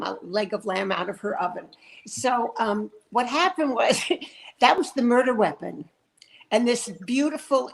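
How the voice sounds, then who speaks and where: A woman's voice: fairly high pitch, vocal fry, rough recording. A woman guest reminiscing casually, laughing often and repeating words for emphasis. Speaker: guest actor.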